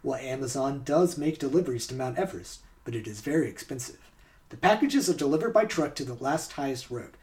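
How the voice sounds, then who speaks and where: This podcast host reads trivia facts aloud for a quiz game before chatting casually about the answers. His mid-range voice is brisk and a little mellow, with lively intonation.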